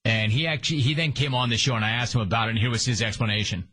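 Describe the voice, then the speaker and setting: A man's voice: medium pitch, rapid-fire, bright, forceful tone. A man hosting a sports talk radio show, sarcastic and emphatic in a punchy monologue.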